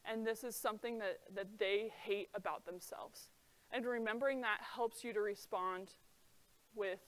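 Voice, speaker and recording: A young adult woman giving an earnest talk to a young audience, chatty and full of "like" fillers, telling stories with lively feeling. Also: medium pitch. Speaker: presenter.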